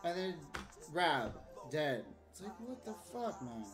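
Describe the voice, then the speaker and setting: A woman's voice: on the low side, big pitch swings, slow. A woman streaming a game, giving live commentary as a profane, frustrated rant. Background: game music.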